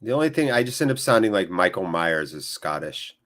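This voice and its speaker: A man hosting a live football watchalong, switching between excitable play-by-play and chatty replies to viewers. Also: deep voice, brisk, hardly any pauses. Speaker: watchalong host. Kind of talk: live match watchalong commentary.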